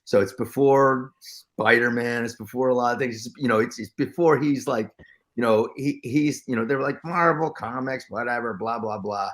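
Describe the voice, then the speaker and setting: A man telling stories as an actor guest in an interview, excitable and full of restarts and acted-out quotes. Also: mid-range voice, moderate pace. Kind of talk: storytelling interview chat.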